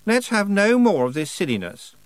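A man voicing a bossy young witch woman who scolds villagers in a shrill, commanding voice, for an audiobook. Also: very animated, moderate pace, dry recording.

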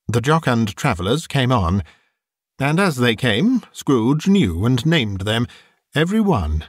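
A man narrating a classic novel as an audiobook, in expressive, measured storytelling. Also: mid-range voice, husky, no room sound, clean studio sound.

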